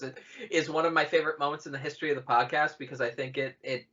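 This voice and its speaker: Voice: mid-range voice, brisk, sharp tone. A podcast co-host in their thirties chatting casually, rambling, joking and swearing freely. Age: 30s. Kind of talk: casual chat. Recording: dull lo-fi podcast audio.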